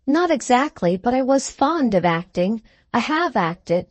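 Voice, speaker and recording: A woman's voice: a little high, sing-song, measured pace, no echo, voice pushed up. A woman voicing a proud, touchy young woman of twenty-one, poised but a little piqued, in a storybook reading. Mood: poised anxious.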